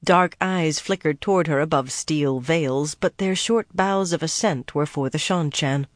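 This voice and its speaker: Steady audiobook narrator, dry close sound. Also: mid-range voice, a little slow, no room sound. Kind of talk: scripted fantasy narration.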